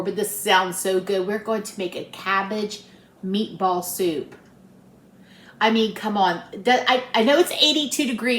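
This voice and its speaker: A woman chatting folksily to viewers while cooking in her home kitchen. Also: mid-range voice. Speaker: cooking vlogger. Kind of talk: casual cooking chat. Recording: roomy kitchen with air-conditioner hum. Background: central air running.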